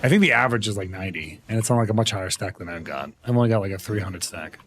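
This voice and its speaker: A man's voice: on the low side, lively intonation, rapid-fire. Chatty young man with a scratchy throat. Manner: rambling, chatty, full of fillers. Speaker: streamer. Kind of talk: casual live-stream chat.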